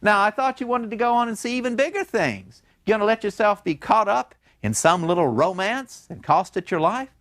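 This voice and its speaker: A man's voice: high voice, expressive, brisk, hardly any pauses, a bit bright, no room sound, studio quality, voice pushed up. A man voicing a sly male devil who taunts and mocks in a raised voice. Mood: scornful. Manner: mocking, taunting.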